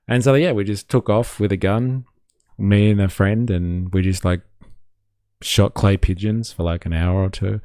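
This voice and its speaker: A man's voice: lowish voice, creaky, dry recording, studio quality. A man with an Australian accent, chatting on a live stream and telling a rambling, profane anecdote. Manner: swearing, animated, rambling. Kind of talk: casual chat, telling an anecdote.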